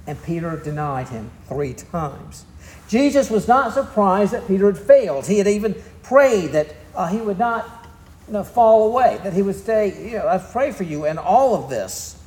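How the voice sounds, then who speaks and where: High-voiced Southern preacher in an echoey room. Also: male voice, lively intonation, moderate pace, a little mellow. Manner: folksy storytelling, drawling asides. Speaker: pastor. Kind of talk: sermon.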